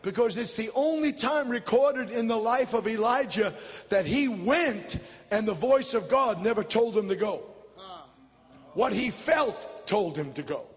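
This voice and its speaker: A man preaching a fiery revival sermon in a large church, shouting and dramatic. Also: high voice, animated, a little slow, big-room sound. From United States. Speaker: pastor.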